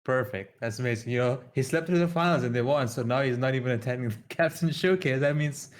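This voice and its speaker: A man of middle pitch hosting an online esports showcase. He keeps the chat casual and upbeat, laughing often with his co-host and guest. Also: fast talker.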